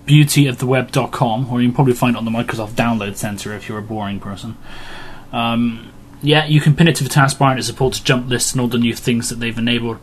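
A man's voice: medium pitch, fairly even intonation, quick pace, a little hiss or hum. A man hosting a casual podcast, joking around and slipping into pirate talk. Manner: jokey, slips into pirate talk. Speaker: podcast host.

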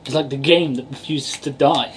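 A man's voice: mid-range voice, fairly even intonation, normal speed. A young man in a mid-range voice, co-hosting a casual podcast. He keeps cutting in with jokes and teasing. A faint hiss runs under the recording. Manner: joking, teasing interjections. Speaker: podcast co-host.

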